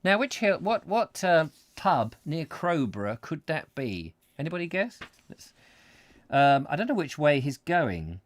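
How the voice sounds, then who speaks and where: A man's voice: on the high side, sing-song, unhurried, no echo. A man reading a travel book aloud live, breaking off for chatty, joking asides. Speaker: host and book reader.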